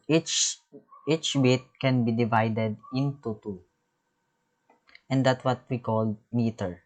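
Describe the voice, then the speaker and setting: A male music teacher with an ordinary mid-pitched voice reads each term and its definition aloud from his slides, one at a time. His delivery is slow and halting, often stopping mid-word to restart, and the recording quality is poor.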